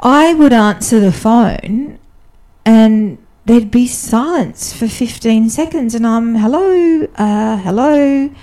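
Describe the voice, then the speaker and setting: A woman guest on a podcast, talking candidly and chattily about her life as a diplomatic spouse, often restarting her sentences. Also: slow pace. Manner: animated, often jumps up in pitch when telling stories. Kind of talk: casual podcast conversation.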